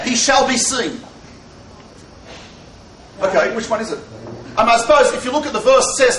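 Brief: high-pitched male Torah teacher, playful lecturer asking questions, echoey hall. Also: animated, measured pace, pauses often, a bit bright, far from the mic. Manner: joking, full of rhetorical questions. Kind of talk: lecture to a live audience.

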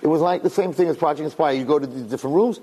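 A middle-aged man, a rabbi, telling stories to an audience in an animated way, repeating phrases and acting out dialogue. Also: fairly high pitch, very fast. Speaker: rabbi and speaker. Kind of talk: storytelling talk to an audience. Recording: long reverb in a hall.

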